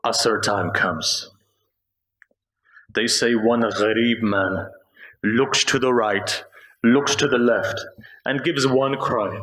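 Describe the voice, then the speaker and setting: A man speaking at a mosque, delivering a slow, grieving sermon narration during a Muharram gathering. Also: medium pitch, fairly bright tone. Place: mosque prayer hall. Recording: echoey mosque hall.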